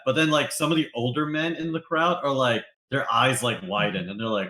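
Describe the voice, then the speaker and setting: Young guy gm-ing a tabletop game, bright voice, echoey room. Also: medium pitch. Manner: loose narration full of fillers, slipping into quick character voices. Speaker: game master.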